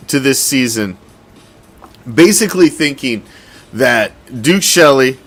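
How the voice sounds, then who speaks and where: A man hosting a casual sports commentary show, talking in an animated, profane, rambling way. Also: mid-range voice. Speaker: host.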